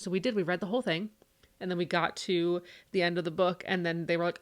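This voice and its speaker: A woman in her thirties chatting on a podcast, telling animated stories and acting out her kids' voices. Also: lowish voice, fairly quick. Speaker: podcast co-host. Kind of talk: casual chat.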